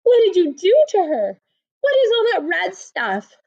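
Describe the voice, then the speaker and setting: A woman's voice: high-pitched, very animated, a little slow, fairly bright tone, muffled recording, voice pushed up, heavily acted. A woman reading aloud and voicing a worried, indignant young mother with an emphatic, exclaiming manner.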